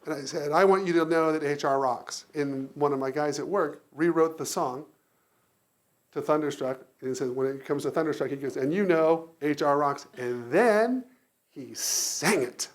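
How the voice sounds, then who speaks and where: A man giving a lively keynote speech to an audience, telling stories, acting out voices and laughing often. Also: fairly high pitch, normal speed. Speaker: keynote speaker. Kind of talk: live storytelling speech.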